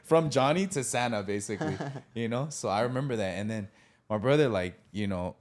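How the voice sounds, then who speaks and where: A man in his thirties casually telling a childhood story as the podcast host, animated, acting out voices and laughing often. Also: mid-range voice, a little fast.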